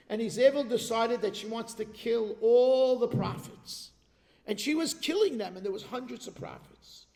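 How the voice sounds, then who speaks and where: A man giving a sermon at an organization's event, telling a religious story with animated delivery and checking in with the audience. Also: sits high. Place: large hall at an event. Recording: long reverb of a large hall.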